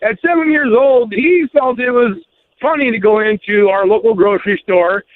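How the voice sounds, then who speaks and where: A man's voice: high voice, normal speed. An older man calling into a radio show, telling a story in a folksy, chatty way. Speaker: caller. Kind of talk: phone-in storytelling. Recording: phone line with faint hiss.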